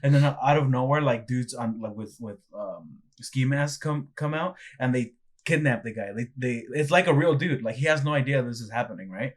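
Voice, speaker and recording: A man's voice: mid-range voice, moderate pace. A young man co-hosting a podcast, retelling a video in a rambling, casual way full of restarts. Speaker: podcast co-host. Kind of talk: casual chat.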